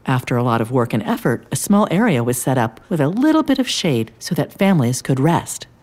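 A woman playing a gentle grandmother who tells a bedtime-style story to a child in an audio drama. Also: a bass voice, very animated, brisk, exaggerated voice. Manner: gentle, warm-toned storytelling.

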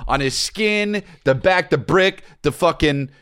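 Animated, profane male podcast co-host. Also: on the high side, measured pace, smooth, no echo, clean studio sound. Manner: animated, profane, laughs often, does voices. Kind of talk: casual comedic banter.

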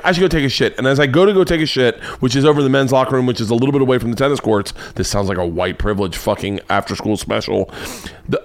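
A man hosting a podcast, telling an embarrassing childhood story as a swearing, animated comic monologue. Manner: animated, swearing, jumps into high excited pitch for punchlines. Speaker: comedian and podcast host.

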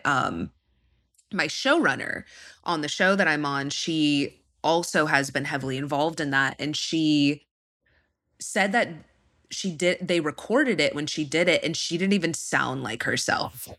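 A woman with a low-pitched voice that still sounds bright and forceful. She chats casually as a podcast guest and laughs often. She drifts off mid-sentence and circles back. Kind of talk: casual chat.

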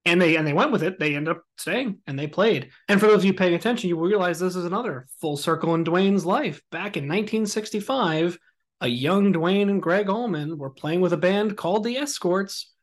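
A man hosting a podcast, telling a story in a casual, animated and joking way. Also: high voice, fairly quick. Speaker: podcast host.

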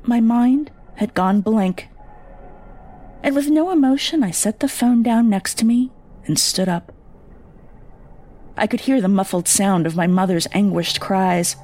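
A woman narrating a first-person horror story in a measured, somber way. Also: mid-range voice, a little mellow.

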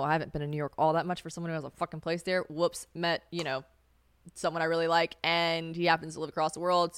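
A woman's voice: on the low side, clean tone, no echo, studio quality. A young woman from South Carolina hosting a podcast solo, chatting casually in a sassy way, swearing freely and laughing often. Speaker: podcast host.

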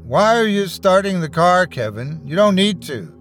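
Heavily acted and pitched above his natural voice, a man plays a trapped character desperately begging to be released. The high, very animated delivery runs at normal speed with a fairly bright tone, climbing from pleading into frantic screams over faint music.

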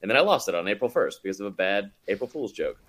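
A man's voice: fairly low pitch, animated, quick pace, fairly bright tone. A man talking as a podcast guest in casual chat, rambling with lots of fillers and laughing often.

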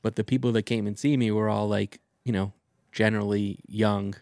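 A comedian co-hosting a podcast, telling his story in an easy, relaxed way and tossing in a lot of short replies. His voice sits low and gravelly. The recording is close and dry. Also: normal speed, no room sound. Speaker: stand-up comedian, podcast co-host. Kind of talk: casual chat.

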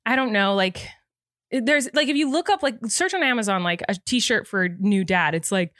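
A woman co-hosting a podcast in casual chat, tearful and emotional, talking quickly and animatedly with laughter breaking in. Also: medium pitch, dry recording, clean studio sound. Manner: rapid, animated talk broken by laughs. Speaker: podcast co-host.

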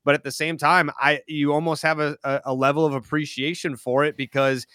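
Guy in his 30s rambling on a podcast, bright tense voice, dry close sound, says like a lot. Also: fairly high pitch, flat delivery, brisk, smooth, dry recording. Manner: rambling, heavy use of "like" filler. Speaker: podcast guest. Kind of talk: casual chat.

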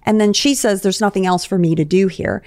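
A woman's voice: mid-range voice, brisk, a little mellow, no echo, clean studio sound. A woman therapist, a guest on a podcast, analyzing relationship dynamics in an explanatory, conversational way.

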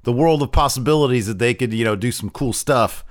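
A man's voice: medium pitch, fairly quick, no room sound. Man hosting a podcast, mid-range voice, chummy banter, dry close recording. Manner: jokey, chummy, speculating loosely. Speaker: podcast host. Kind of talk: casual wrestling news chat.

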